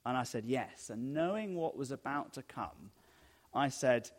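A middle-aged male pastor preaching a sermon in an easygoing, storytelling way, often dropping his voice low and soft. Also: a little fast. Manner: conversational storytelling with sudden soft drops.

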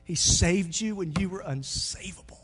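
A pastor preaching a sermon, moving from quiet reflection to loud, joking stretches. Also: male voice, high-pitched, normal speed, long reverb tail, a little hiss or hum.

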